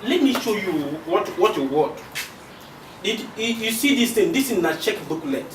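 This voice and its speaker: A man's voice: high voice, sing-song, moderate pace. An actor with a Nigerian accent playing a boastful, pushy rich man who flirts in pidgin. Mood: coaxing. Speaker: wealthy suitor. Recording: roomy, from far off, faint hiss.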